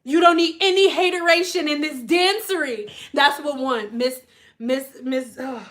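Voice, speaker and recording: A woman vlogger telling a story in casual chat, animated and laughing, often mimicking other people's voices. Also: sits high, measured pace.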